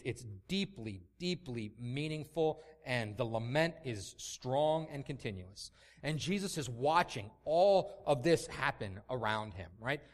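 A man preaching a sermon in an impassioned, emphatic way, often repeating words as he builds a point. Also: mid-range voice.

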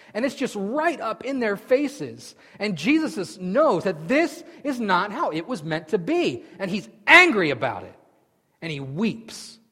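A man preaching a sermon as pastor, telling the story vividly and swinging from loud outbursts to hushed asides. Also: high-pitched, slightly rough. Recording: long hall reverb.

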